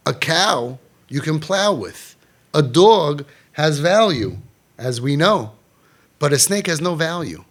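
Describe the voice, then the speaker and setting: A man giving an emphatic Torah talk, swinging between loud, dramatic lines and hushed ones. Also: mid-range voice. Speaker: Jewish inspirational speaker.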